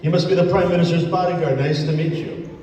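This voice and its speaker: A man playing a bumbling, timid security guard in an amateur stage comedy, hesitant and halting. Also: on the high side, steady tone, warm tone, slight background noise, lightly acted. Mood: friendly. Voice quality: hesitant, halting, full of fillers. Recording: dull, echoey hall from far off.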